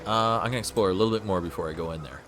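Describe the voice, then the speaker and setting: Male gaming streamer, lowish voice, casual and rambling, game music behind. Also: very fast, a bit bright. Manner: laid-back, thinking aloud, repeats words. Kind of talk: casual gameplay commentary. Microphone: USB desk microphone.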